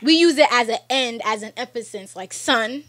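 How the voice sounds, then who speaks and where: A woman's voice: on the high side, normal speed. A young woman from New York with a New York accent, talking animatedly and emphatically as an actress guest on a podcast in a studio. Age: young adult. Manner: animated, emphatic, talks in long runs. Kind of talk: casual podcast interview. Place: recording studio.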